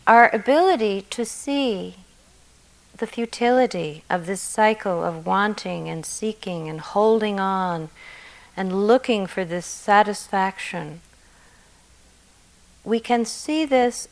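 Slow, gentle woman giving a dharma talk. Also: medium pitch, rough recording. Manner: gentle and reflective, soft endings. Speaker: meditation teacher.

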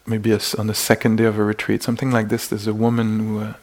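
Gravelly-voiced male meditation teacher. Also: lowish voice, monotone, fast. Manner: gentle, searching, many restarts and acted-out inner exclamations. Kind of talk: dharma talk. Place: meditation retreat hall.

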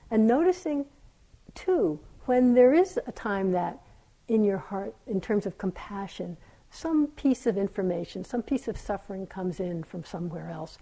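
A woman teacher speaks gently and reflectively in a dharma talk, her tone mellow and dark. Her voice is a little breathy and husky, and at times it sinks to a soft near-whisper. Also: medium pitch, rough recording. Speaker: meditation teacher. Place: meditation hall.

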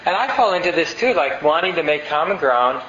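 A man's voice: a little high, lively intonation, a little fast, bright, forceful tone, a little hiss or hum. A male meditation teacher giving a conversational dharma talk. He reads passages aloud and asks the audience questions. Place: meditation center hall. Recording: roomy, dull lo-fi sound.

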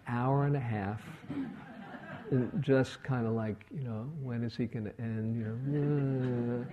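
Middle-aged guy giving a dharma talk, slow and easygoing, bit of a dull lo-fi recording. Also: mid-range voice. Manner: relaxed storytelling with quoted voices. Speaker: meditation teacher. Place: retreat hall.

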